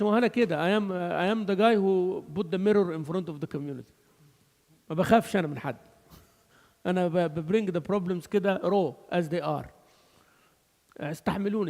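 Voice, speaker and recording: Male mosque teacher, lively and gravelly, long hall echo. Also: high-pitched, very fast, pauses often. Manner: animated, switching between English and Arabic, laughing asides. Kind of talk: mosque lesson.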